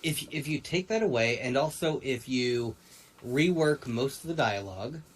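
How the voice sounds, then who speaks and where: A man's voice: medium pitch, animated, moderate pace, poor audio. A man co-hosting a casual pop-culture discussion, rambling and restarting his sentences. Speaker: podcast co-host.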